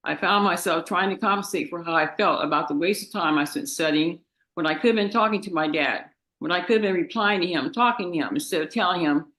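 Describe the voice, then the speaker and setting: A woman of about twenty reads her victim impact statement in court, grief-stricken and tearful, halting and restarting as she speaks of her father. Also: fairly low pitch, a bit bright, poor audio.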